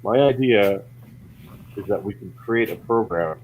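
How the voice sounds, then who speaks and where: A man co-hosting a podcast in casual chat on a headset, eager and excitable. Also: on the low side, unhurried, phone-quality sound. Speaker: podcast co-host. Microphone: headset on a voice call.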